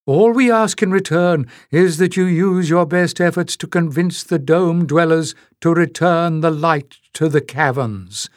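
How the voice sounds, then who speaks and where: An ancient, cold-eyed male piper from a storybook, as a male narrator puts him on, his voice lifted higher than the reader's own. He speaks slowly and deliberately, weighing every word as he schemes. The reading is dry and close. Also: no room sound, lightly acted. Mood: urging. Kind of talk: audiobook character voice.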